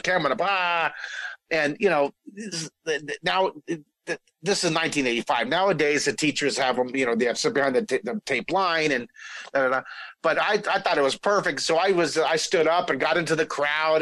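A middle-aged man telling a story in a casual interview, animated, restarting sentences and acting out what people said. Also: a little high, no room sound, low-quality recording. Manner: animated, lots of restarts, acts out quoted voices. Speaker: guest telling his career story.

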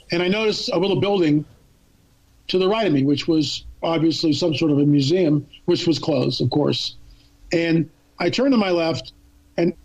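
A woman guest telling a long personal story in a casual, animated way, acting out what other people said to her. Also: on the low side. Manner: animated, acts out both sides of a remembered phone call. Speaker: podcast guest.

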